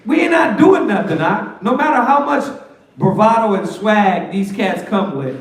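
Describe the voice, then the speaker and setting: Male Bible teacher, high voice, slangy and joking; distant mic, heavy room echo. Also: moderate pace. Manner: animated, slangy, joking, rhetorical questions. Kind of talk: lively street-talk preaching. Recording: echoey room, voice far from mic.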